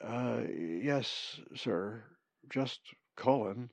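Man as shy stammering young raven, slow, gravelly. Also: mid-range voice, animated, darkish tone, no room sound, full character voice. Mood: timid. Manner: hesitant, stammering. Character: young male raven, new and timid.

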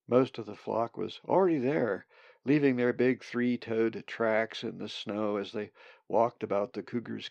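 A man narrating a story in a calm, measured way. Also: lowish voice, gravelly, no echo, highs cut off. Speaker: audiobook narrator. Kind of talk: scripted narration.

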